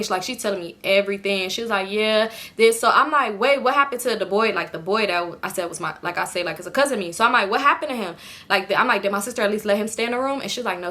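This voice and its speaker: A young woman from California telling a personal story in a casual vlog, animatedly acting out what everyone said, with lots of swearing. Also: medium pitch. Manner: animated retelling, voices others with expletive-laden quoted outbursts. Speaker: storytime vlogger.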